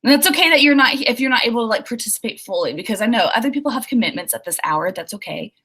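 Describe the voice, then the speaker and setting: Reading viewer comments on her writing livestream, a young Oklahoma woman with a Southern US accent chats bubbly and fast, with lots of fillers and laughs. Her rather high voice is animated, rapid-fire, pushed and bright, yet husky.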